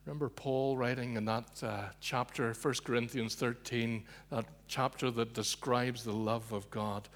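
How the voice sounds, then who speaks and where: A man preaching a sermon, telling a story with loud emphasis that drops to hushed, low asides. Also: steady tone, unhurried, hardly any pauses.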